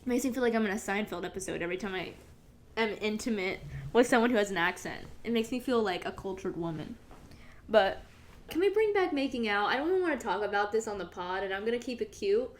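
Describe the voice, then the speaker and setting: A woman's voice: mid-range voice, lively intonation, quick pace. A young woman hosting her own podcast, rambling casually, swearing and laughing as she goes. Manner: chatty, rambling, swears freely, laughs often. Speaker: podcast host. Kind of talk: casual solo podcast monologue.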